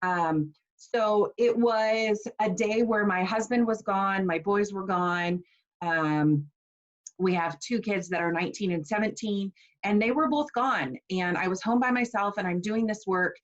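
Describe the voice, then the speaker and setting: A woman's voice: medium pitch, measured pace, highs cut off. A woman in her forties teaching a casual online class, chatty and personal with plenty of fillers. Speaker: essential oils class teacher.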